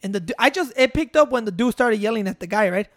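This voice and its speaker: A man's voice: high-pitched, expressive, quick pace, no room sound, clean studio sound. A man telling a story in casual chat, rambling and swearing with street slang.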